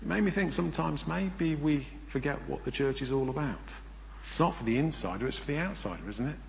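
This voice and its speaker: Emphatic preacher in a reverberant hall. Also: male voice, on the high side, lively intonation, brisk, gravelly, slight background noise. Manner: emphatic, rhetorical questions, swings between loud and hushed. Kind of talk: sermon. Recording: long reverb of a large hall.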